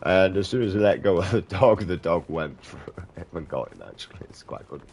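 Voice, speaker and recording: Blunt, sweary man, low voice. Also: brisk, darkish tone, a little hiss or hum. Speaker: gaming streamer. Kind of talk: casual chat while playing a game.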